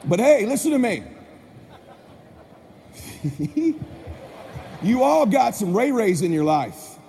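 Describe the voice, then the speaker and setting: A man's voice: sits high, normal speed, vocal fry, a little hiss or hum. A man giving a motivational speech, telling a childhood story to an audience and acting out voices. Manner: animated, acts out voices with shouts. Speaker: motivational speaker. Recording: reverberant hall, faint ambience.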